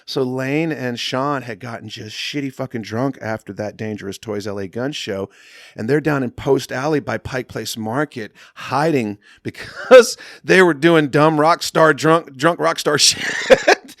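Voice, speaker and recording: A middle-aged man, a podcast guest, telling stories in a casual, slangy, animated way and acting out what other people said. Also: mid-range voice, measured pace, dry recording, clean studio sound. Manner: animated, slangy, acts out quotes. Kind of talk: casual storytelling.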